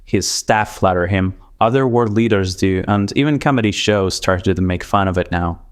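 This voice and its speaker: Low-voiced man with a Russian accent. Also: moderate pace, clear, resonant tone. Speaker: commentary video host. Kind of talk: scripted commentary narration.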